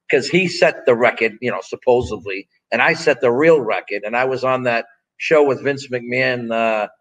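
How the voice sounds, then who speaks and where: A man's voice: mid-range voice, fairly bright tone, poor audio. Male guest in his 60s, ex-strongman, blunt and profane, rambling storyteller. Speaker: interview guest, former strongman and pro wrestler. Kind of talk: casual storytelling interview.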